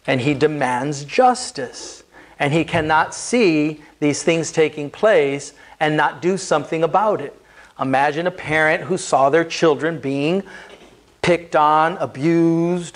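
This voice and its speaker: A man preaching a sermon as pastor, earnest and building emphasis as he explains scripture. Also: on the high side.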